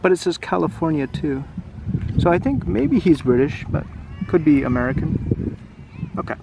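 Chatty male teacher reading a storybook aloud by the sea, slightly high voice, noisy outdoor take. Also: very animated, moderate pace, vocal fry, highs cut off. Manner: chatty, musing aloud with questions. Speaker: English teacher reading a picture book aloud. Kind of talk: casual storybook read-aloud. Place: outdoor seaside park.

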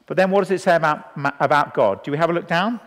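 Fast and fairly high-pitched, this man in his fifties preaches to a live congregation in a church hall. As an evangelist, he animates his stories by performing the dialogue himself, while long hall reverb trails his words.

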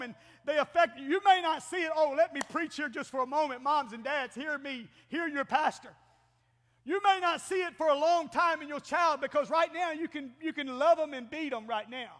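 A middle-aged man preaching a folksy, animated Pentecostal sermon as pastor in a church. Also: extremely high pitch. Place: church sanctuary. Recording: long church-hall reverb.

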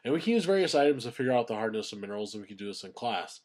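A male science teacher talks through a recorded lesson. He explains in a plain, steady way, stressing each key term for his students. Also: on the low side, racing. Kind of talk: recorded classroom lecture.

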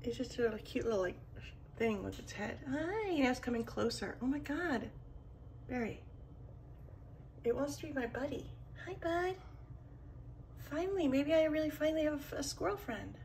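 A woman filming at home by a window, exclaiming excitedly, cooing baby talk and dropping into whispers. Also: high voice, fairly quick, slight background noise. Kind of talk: casual home video commentary.

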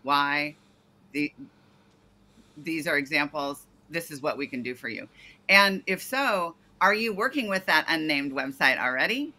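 Very bright-voiced woman giving pitch feedback. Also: animated, measured pace. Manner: detailed, self-correcting, coaching pronunciation. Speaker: startup pitch coach. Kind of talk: video call feedback. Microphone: video call.

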